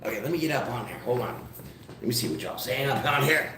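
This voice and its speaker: A man hosting a live tarot stream, speaking slowly in a gravelly voice with a lot of rise and fall. He talks to viewers casually and swears freely. His voice carries the echo of the room. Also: medium pitch, expressive, pushed and bright, a little hiss or hum. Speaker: tarot reader.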